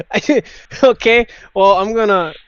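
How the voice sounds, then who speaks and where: A man's voice: sits high, a bit bright, clear, resonant tone, dry recording. A man playing a tabletop game, talking nervously and hesitantly and laughing often. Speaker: player. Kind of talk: casual tabletop game play. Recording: dry, dull lo-fi sound.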